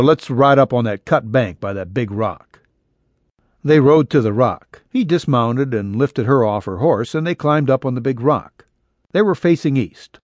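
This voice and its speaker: A man narrating a romance audiobook in a plain, steady storytelling manner. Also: medium pitch, no room sound. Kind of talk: scripted narration.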